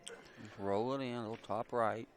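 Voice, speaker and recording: A man giving casual color commentary on a pool match in brief, relaxed asides. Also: mid-range voice, moderate pace.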